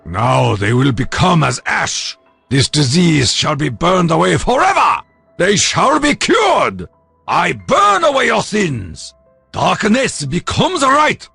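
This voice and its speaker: A solemn, honor-bound warrior. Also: male voice, fairly high pitch, wildly swooping pitch, takes it slowly, creaky, sharp tone, slightly rough, no room sound, soft background music, full character voice. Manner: grave, formal declarations. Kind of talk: video game voice lines.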